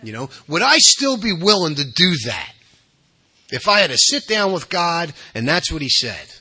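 Bright, husky-voiced man telling it straight. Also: fairly high pitch, very animated, normal speed. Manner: blunt, conversational, with loudness swinging from soft asides to emphatic bursts. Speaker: speaker at a recovery workshop. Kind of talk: candid personal storytelling talk.

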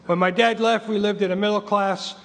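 Reading from a book at a recovery meeting, an English-born man in his fifties is emphatic, repetitive and wryly funny. His high voice, fairly quick and fairly even in intonation, has vocal fry and echoes in a large hall.

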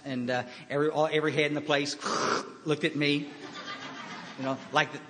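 A man giving a personal recovery talk, telling his story in a halting way with quiet pauses. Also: a little high, slight background noise. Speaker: recovery speaker. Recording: hall reverb.

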